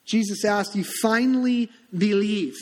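High-voiced pastor preaching in a reverberant hall. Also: male voice, a little slow. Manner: conversational, animated preaching with acted-out quotes. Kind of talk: sermon. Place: church sanctuary.

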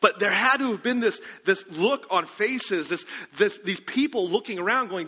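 A man's voice: high-pitched, lively intonation, normal speed, few pauses, bright, forceful tone, slightly rough, long reverb tail. A man preaching a sermon as pastor, conversational and asking the congregation questions.

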